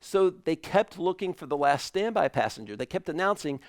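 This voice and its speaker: A man preaching an online sermon in a relaxed, conversational way, telling a family story with animated asides. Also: fairly high pitch, moderate pace, hardly any pauses, dry recording, clean studio sound. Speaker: pastor.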